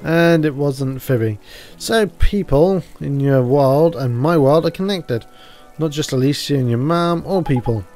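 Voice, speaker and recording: A man gives voice to a small, cheeky fairy sidekick who chatters in a folksy, chummy way and keeps tagging questions onto his remarks. The voice sits slightly high. Soft game music runs quietly behind him. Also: unhurried. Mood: chatty.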